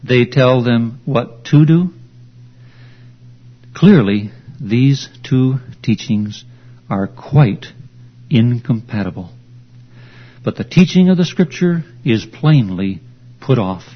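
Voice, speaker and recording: A man preaching an expository sermon, slow, deliberate and emphatic as he teaches. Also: medium pitch, expressive, breathy edge. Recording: dull lo-fi recording.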